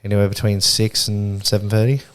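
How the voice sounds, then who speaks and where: A man's voice: lowish voice, little pitch movement, fairly quick, fairly bright tone. A young man co-hosting a podcast, laid-back and laughing often, swearing freely in casual chat. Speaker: podcast co-host.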